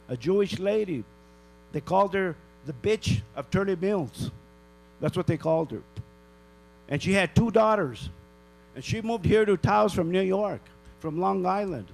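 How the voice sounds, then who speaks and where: Older guy from new mexico chewing out the town council, pretty high voice, hum in the background. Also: vocal fry, poor audio. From northern New Mexico. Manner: indignant, scolding, repeats rhetorical questions. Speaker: public commenter at a town council meeting. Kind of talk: angry public comment.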